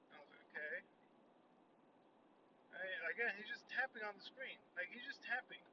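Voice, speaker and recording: A young man hosting a podcast, telling a story about a customer in a profane, animated casual rant. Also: high-pitched, a little fast. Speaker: podcast host. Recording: distant, muffled, noisy recording.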